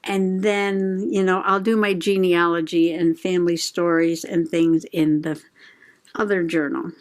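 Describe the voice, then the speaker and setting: A woman's voice: on the low side, flat delivery. A middle-aged woman from the United States hosting a journaling video, chatting casually and giggling as she crafts. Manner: chatty, giggly, slow and rambling. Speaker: journaling channel host.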